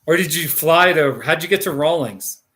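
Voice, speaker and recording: Guy hosting a live stream, kinda high bright voice, jokey and rambly, laughs a lot. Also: lively intonation, normal speed. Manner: rambling and jokey, laughs often, restarts sentences. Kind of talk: casual live stream chat.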